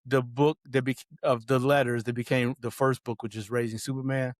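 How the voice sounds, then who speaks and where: A middle-aged man, a guest author, telling family stories in an animated way, acting out quotes and laughing often. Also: mid-range voice, a little fast, no echo, studio quality. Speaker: guest, author and parenting advocate. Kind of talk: casual interview storytelling.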